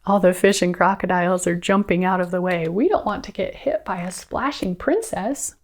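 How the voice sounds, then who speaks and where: A woman teacher reading a picture book aloud to children, expressive and coaxing them to join in. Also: fairly low pitch, moderate pace.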